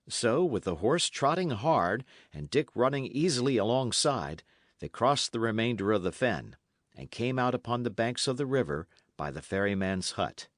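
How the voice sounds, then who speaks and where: Male narrator, audiobook of a classic novel, measured expressive reading, dry recording. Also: lowish voice, no echo.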